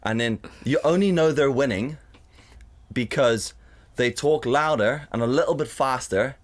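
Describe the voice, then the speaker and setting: A young man co-hosting a casual podcast chat, animated and sweary. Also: medium pitch, unhurried. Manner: animated, sweary, bursts into mock shouting. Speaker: podcast co-host.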